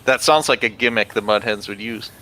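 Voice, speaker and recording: A man joining a casual chat as a guest, who answers in a dry, deadpan way. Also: lowish voice, brisk.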